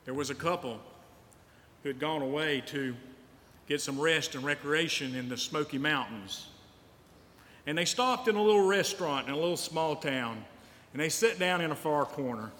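Male pastor, storytelling sermon, a little high-voiced, in a church hall with long reverb. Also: moderate pace, fairly bright tone, slight background noise. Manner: storytelling preacher, repeats lines for emphasis. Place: church sanctuary.

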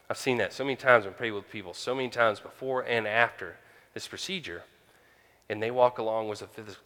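A man preaching a conversational sermon as pastor, pausing often with fillers. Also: lowish voice, bright, forceful tone, clear, resonant tone. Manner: conversational with frequent pauses and fillers. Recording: hall reverb.

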